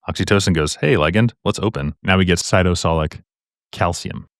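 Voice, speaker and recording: A man tutoring medical exam questions, walking through answers in a casual, jokey lecturing way with quick asides. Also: deep voice, no room sound, studio quality. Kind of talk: explaining practice exam questions.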